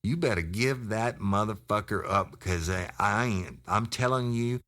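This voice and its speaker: A man's voice: lowish voice, measured pace, sharp tone, pitched above the performer's own voice. A man doing a blunt, cursing narcotics cop. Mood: warning. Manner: profane, warning.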